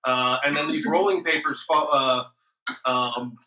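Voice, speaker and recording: A man hosting a casual chat over a video call, often pausing with ums and uhs. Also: mid-range voice, fairly even intonation, sharp tone, echoey room, rough recording. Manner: hesitant, many ums and uhs. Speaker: host.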